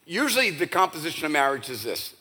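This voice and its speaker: A male pastor giving a conversational, animated sermon with casual asides to his church. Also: on the high side, fast talker, slightly rough. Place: church sanctuary.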